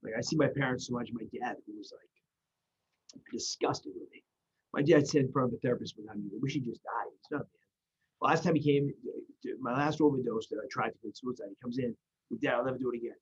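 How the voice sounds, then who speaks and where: A man's voice: medium pitch, a little fast, slightly rough, dull audio. A man in casual conversation, talking earnestly about recovery and faith, rambling with restarts. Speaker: guest in recovery.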